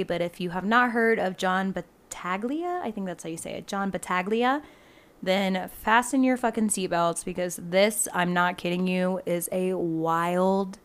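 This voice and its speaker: A woman talks into a home laptop mic as she hosts a true-crime podcast. Her delivery is loose and chatty, full of filler words and quick asides. She also reads out case details in the same relaxed way. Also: mid-range voice. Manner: chatty and loose, heavy use of "like", laughs often. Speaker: podcast host. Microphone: home laptop microphone.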